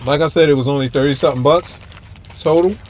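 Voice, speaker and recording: Male food vlogger, slightly high voice, casual and chatty, eating on camera in a car's back seat. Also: quick pace, a little hiss or hum. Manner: chatty, talks to viewers while chewing, lots of hums of approval. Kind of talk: casual food-tasting vlog. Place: back seat of a parked car. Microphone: camera-mounted mic, a little far off.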